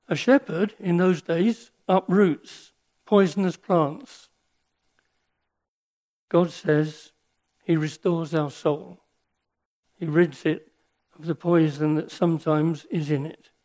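An older man with a fairly high, slightly mellow voice gives a sermon built on personal stories. He speaks earnestly and reflectively, with pauses and restarts.

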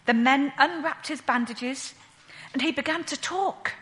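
A woman playing a grieving widowed mother, telling her story in a slow, earnest first-person monologue. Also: sits high, a bit bright. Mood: awed.

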